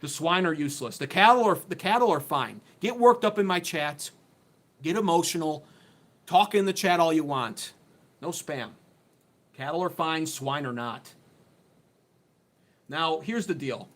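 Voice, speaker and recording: A man's voice: a little high, animated, a little slow, pauses often, fairly bright tone. Riled-up, sarcastic male livestream host. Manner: sarcastic, riled up, blunt and profane. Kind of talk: heated political commentary livestream. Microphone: phone on a desk mount.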